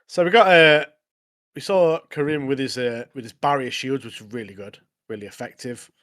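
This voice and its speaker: A man co-hosting a podcast, recapping episodes in casual, animated chat. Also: mid-range voice, normal speed. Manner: animated recapping, frequent "mate". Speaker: podcast co-host.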